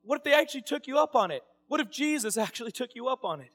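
High-voiced animated man preaching. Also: fast talker, few pauses. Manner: animated storytelling, acting out quoted voices. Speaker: pastor. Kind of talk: sermon.

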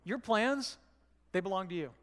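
A man's voice: high voice, lively intonation, normal speed. A male pastor preaching a sermon in a church, conversational and often checking in with the room. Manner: conversational, asks the room "right?". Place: church sanctuary. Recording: church hall with long reverb.

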